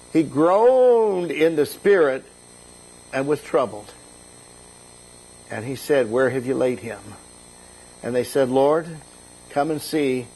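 Gravelly-voiced man preaching casually. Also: medium pitch, darkish tone, low-quality recording. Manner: casual, folksy paraphrase of scripture, voices rise for quoted lines. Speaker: bishop preaching. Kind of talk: conversational sermon retelling scripture.

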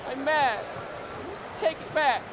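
A man voicing an absurd, blustery basketball player in a lip-reading parody dub, with silly lines that swing between shouting and muttering. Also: extremely high pitch, slow pace. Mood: rambling. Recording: arena crowd and loud noise behind.

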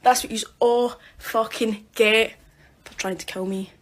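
A woman's voice: on the high side, steady tone, measured pace, slight background noise, natural voice. A woman doing a cheeky taunting animatronic. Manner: taunting, giggling, crude.

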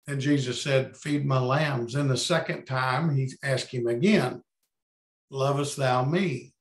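Man, Bible study teacher, slow unhurried pace, gravelly, reads scripture and muses aloud, echoey room on a video call. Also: medium pitch.

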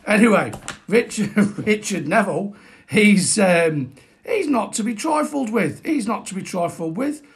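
Jokey male host, casual live-streamed history lesson, raised pitch. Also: animated, unhurried. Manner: jokey, chatty, greets viewers by name.

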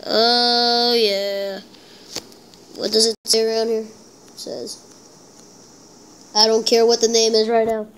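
A woman with a high voice narrates her gameplay in slow, drawn-out phrases. She is excitable and self-deprecating, talking straight to her viewers as she plays. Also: a little hiss or hum, poor audio. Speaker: gameplay channel host. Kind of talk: casual gameplay commentary.

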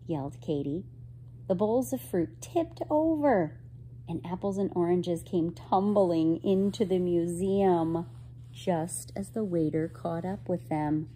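A woman reading a children's picture book aloud, expressive and gentle, asking her listeners questions. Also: on the low side, slow, a little hiss or hum, poor audio. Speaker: storyteller.

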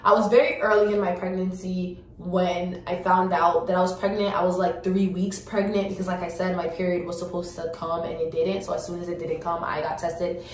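A woman in her early twenties telling a personal story to her viewers in a frank, animated way, swearing freely. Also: lowish voice, fairly quick, far from the mic, a little hiss or hum. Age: early 20s. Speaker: vlogger. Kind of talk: casual storytime chat. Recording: echoey room, voice off-mic.

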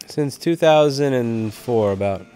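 A man hosting a casual game stream, chatting wryly and shouting when the action heats up. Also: mid-range voice, animated, slow pace. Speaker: host.

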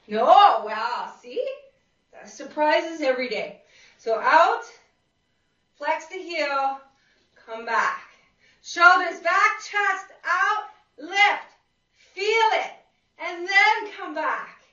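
High, bright-voiced woman fitness instructor. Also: animated, takes it slowly. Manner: upbeat, encouraging, calls out counts with cheers. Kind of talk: leading a live seated exercise class. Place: exercise room with a class present. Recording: echoey room, far from a dull lo-fi mic.

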